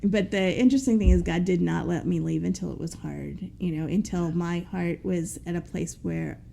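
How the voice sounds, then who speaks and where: A woman's voice: lowish voice, moderate pace, gravelly, dark tone. A woman guest in an interview, telling her personal story in an earnest, rambling way with many fillers.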